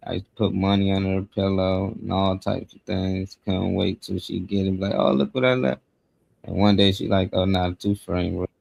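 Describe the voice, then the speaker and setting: A man co-hosting a live morning show in a relaxed, slang-heavy casual chat. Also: deep voice, a little fast, creaky, hardly any pauses, no echo. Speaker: co-host.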